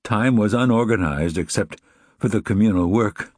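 Low, husky male audiobook narrator. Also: a little mellow, no room sound, clean studio sound. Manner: measured, reflective, evenly paced reading. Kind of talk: scripted narration.

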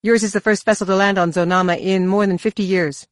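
A narrator voicing a sharp, unwelcoming village man in an audiobook. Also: medium pitch, steady tone, fast, dry recording, studio quality, voice pushed up, close to an everyday voice. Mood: curt. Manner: sharp, cold. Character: curt, unwelcoming male villager.

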